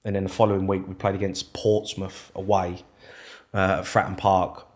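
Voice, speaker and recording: A man with a lowish voice recounting his football days on a podcast. He talks candidly and animatedly, dropping swear words freely. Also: monotone, moderate pace. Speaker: podcast guest, former footballer. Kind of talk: casual storytelling interview.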